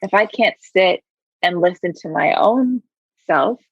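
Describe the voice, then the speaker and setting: A woman's voice: lowish voice, expressive, measured pace, gravelly, slightly rough, no echo, dull audio. A woman guest who teaches yoga, talking reflectively in an interview and often saying "like". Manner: reflective, thoughtful, says "like" a lot. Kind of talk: conversational interview.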